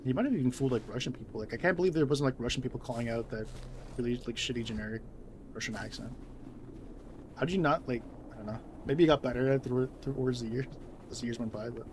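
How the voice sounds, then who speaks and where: A young man chatting loosely while he plays, rambling and swearing casually. His voice sits in a middle pitch. Game noise hums steadily behind him. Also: quick pace, poor audio. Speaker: streamer. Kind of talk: casual gameplay commentary.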